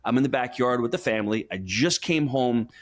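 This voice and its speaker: A man's voice: mid-range voice, a little fast. A man talking as a money coach in a podcast interview, telling stories and giving advice in an emphatic, coaching way. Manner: animated storyteller, emphatic and coaching. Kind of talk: conversational interview.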